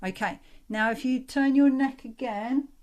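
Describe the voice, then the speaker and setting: A woman, a voice coach calmly and encouragingly leading a group through relaxation exercises on a video call. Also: high voice, a little slow. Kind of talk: online workshop instruction.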